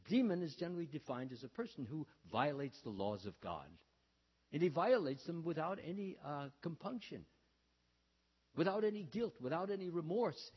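Guy telling a sermon story, lots of uh's and restarts, pitch jumps all over, husky voice, echoey hall, kinda dull sound. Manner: halting, many fillers and restarts, acts out quoted lines. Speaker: religious speaker.

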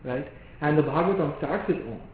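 A man giving a devotional lecture in a measured, explanatory way, often asking rhetorical questions. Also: a little high, lively intonation, a little hiss or hum. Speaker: preacher. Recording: echoey hall on a phone-like line.

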